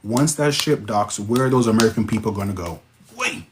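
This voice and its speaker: Excitable Jamaican-accented man streaming live. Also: brisk, a little hiss or hum. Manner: excitable, interjects sudden high-pitched exclamations. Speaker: livestream host. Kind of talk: casual livestream chat reading viewer comments.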